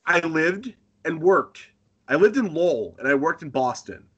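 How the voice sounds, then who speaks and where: A man from Northern Maine, a pro wrestler guest in a casual interview, telling animated stories and chuckling often. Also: a little high, normal speed, breathy edge, dull audio.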